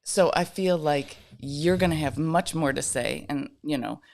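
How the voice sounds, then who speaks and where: A woman's voice: low voice, measured pace, vocal fry, a little mellow. A woman, a pastor co-hosting a casual live podcast from her bedroom, talking hesitantly and restarting her sentences. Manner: hesitant, self-interrupting. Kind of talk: casual live-stream chat. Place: home bedroom.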